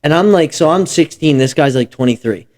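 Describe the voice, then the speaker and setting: A man's voice: fairly high pitch, lively intonation, a little fast, a little mellow. Young man telling rowdy stories. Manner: profane, rambling anecdotes with frequent restarts. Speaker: podcast host. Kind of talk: casual storytelling chat.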